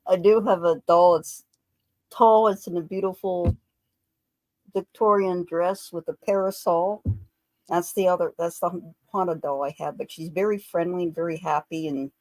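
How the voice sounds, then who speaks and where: A woman from Ohio with a lowish voice talks easily on a livestream, relaxed and chatty. The sound is dry and close. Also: normal speed, no echo, low-quality recording. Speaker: livestream co-host. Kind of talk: casual livestream chat.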